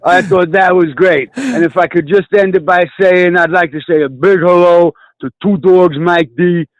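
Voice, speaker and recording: A man's voice: sits high, fairly even intonation, moderate pace, no echo, highs cut off. A man calling in to a talk show, chatting casually in a blunt, profane way. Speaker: caller. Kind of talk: casual phone-in chat.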